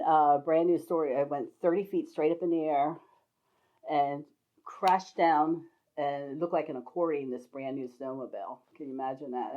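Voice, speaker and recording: An older woman recalls her adventures in a loose, rambling way, laughing easily as she goes. Her voice sits low, and the recording sounds dull and lo-fi. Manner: rambling, laughs often between anecdotes. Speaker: storyteller sharing life stories. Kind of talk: casual spoken memoir.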